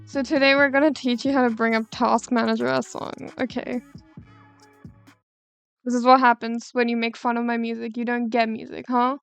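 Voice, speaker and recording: High, smooth-voiced woman streamer. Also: flat delivery, moderate pace, no echo, soft background music. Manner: rambling, tangent-prone, joking. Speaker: livestreamer. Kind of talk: casual chat while drawing.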